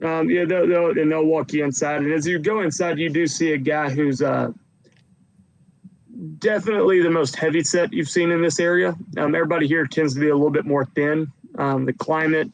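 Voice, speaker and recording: A man's voice: a little high, fairly even intonation, a little fast, creaky, dry recording, rough recording. A man narrating as game master of a tabletop game, hesitant with many ums and uhs.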